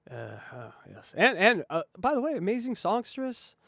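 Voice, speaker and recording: Loud, high-pitched jokey man host. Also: wildly swooping pitch, normal speed, creaky, no echo, studio quality. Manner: loud, mocking, jokey fake translations. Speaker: comedy podcast co-host. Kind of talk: riffing commentary over clips.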